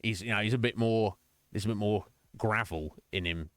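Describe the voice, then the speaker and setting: A man's voice: fairly low pitch, moderate pace, fairly bright tone, no room sound. A man streaming live, chatting casually and jokingly with his viewers in a rambling way. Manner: rambling, jokey, chatty, addresses viewers by name.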